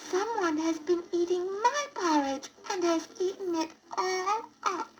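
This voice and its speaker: A woman voicing a tiny young boy bear cub with a shrill, sharp voice on a storybook record. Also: unhurried.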